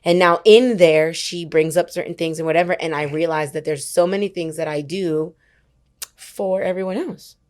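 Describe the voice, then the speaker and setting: A woman in her twenties with a lowish voice, speaking at normal speed, is a worship leader appearing as a podcast guest. Chatting casually, she tells a personal story and acts out what others said, filling her talk with words like "like" and "whatever".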